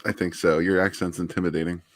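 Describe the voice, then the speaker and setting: A man guest on a livestream, playful and quick to apologize. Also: sits low, little pitch movement, no room sound. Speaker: stream guest. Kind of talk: casual livestream chat.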